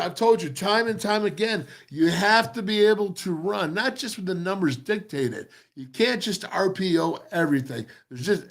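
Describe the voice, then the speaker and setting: High-voiced, animated football film analyst. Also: male voice. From former offensive lineman. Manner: animated, emphatic, repeats phrases. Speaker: football show host breaking down game film. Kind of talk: excited film-breakdown commentary.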